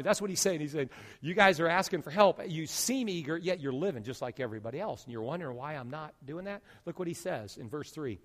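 A man pastor preaching a sermon, swinging between loud declarations and hushed asides. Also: a little high, animated, a little fast, big-room sound.

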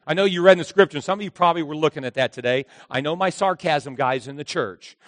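Pastor, male, high voice, animated sermon delivery, dry close mic with a long hall tail. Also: fast talker. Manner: animated, acts out voices of characters.

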